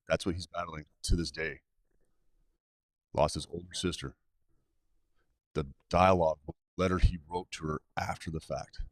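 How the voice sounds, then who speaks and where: Quick, deep-voiced middle-aged man. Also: dry recording, clean studio sound. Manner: direct, plain-spoken, practical. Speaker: suicide prevention trainer, guest. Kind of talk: live webcast talk.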